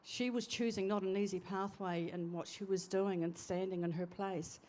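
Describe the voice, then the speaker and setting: A woman in her sixties giving a eulogy for her sister at a church memorial service, speaking in a halting, heartfelt way and often trailing off. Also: mid-range voice, steady tone, darkish tone, slight background noise.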